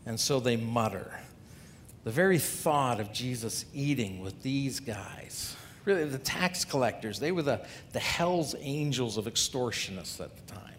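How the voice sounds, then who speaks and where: A man's voice: lively intonation, measured pace. A man preaching a sermon as a pastor, talking through scripture in a conversational way and asking the congregation rhetorical questions. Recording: long hall reverb, faint rumble.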